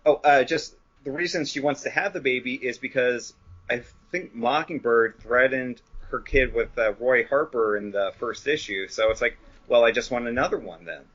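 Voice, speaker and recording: A man's voice: mid-range voice, a bit bright. Male guest chiming into comic chat. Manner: chatty, jumps in with quick asides. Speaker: podcast guest. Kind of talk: casual comic book podcast chat. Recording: dull lo-fi audio.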